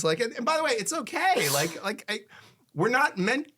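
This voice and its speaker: A man, a divorce attorney, giving candid marriage advice in a conversational way. He acts out both spouses' lines, and he goes soft and hushed when he shares a personal story. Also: very high voice, big pitch swings, moderate pace, noisy background.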